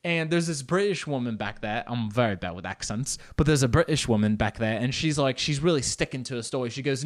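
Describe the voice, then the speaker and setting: A man hosting a podcast, telling a travel story in a rambling, animated way with sarcastic asides. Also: mid-range voice, a little fast, few pauses. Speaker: podcast host. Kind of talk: comedic storytelling.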